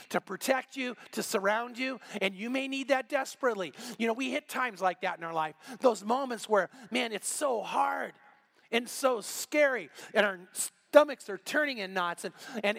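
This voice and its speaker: A middle-aged man preaching a sermon, telling a story with lively voiced quotes. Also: very high-pitched, vocal fry. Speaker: pastor.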